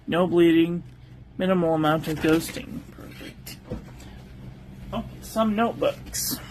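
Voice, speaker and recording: A man's voice: sits high, a little hiss or hum. A man casually reviewing stationery on a livestream, listing paper traits in short clipped phrases and chatting with viewers between items. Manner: chats aside with live viewers.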